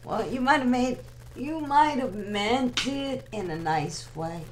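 A woman's voice: a little high, lively intonation, slow, slight background noise, poor audio. A young woman hosting an online radio show, rambling casually and teasing her listeners as she talks with them. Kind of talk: casual live chat with listeners.

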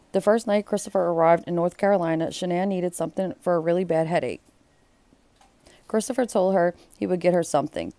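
This woman's voice sits fairly low and sounds mellow, captured in a dry recording. She reads from a book and interrupts herself with blunt, exclamatory asides.

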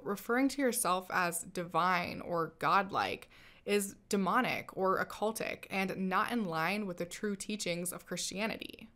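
A woman's voice: mid-range voice, fairly bright tone. A woman hosting a commentary channel, narrating a scripted critique in a wry, skeptical manner.

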